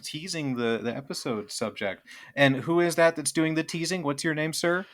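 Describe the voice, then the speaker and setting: A man's voice: a little high, normal speed. A man co-hosting a casual video game podcast, talking in a playful, goofy way. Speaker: podcast co-host.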